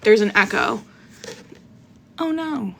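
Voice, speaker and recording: A woman's voice: mid-range voice, expressive, slow, creaky, a bit bright, slight background noise. A young woman hosting a casual livestream, chatty, bubbly and self-deprecating, talking into a phone with an earbud mic. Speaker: podcast host reading live.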